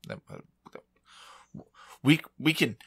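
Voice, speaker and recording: A man's voice: mid-range voice, wildly swooping pitch, slow pace, creaky, fairly bright tone, breathy edge, no echo. A man co-hosting a video game podcast, chatting casually in an easygoing, joking way. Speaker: podcast co-host. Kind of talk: casual chat.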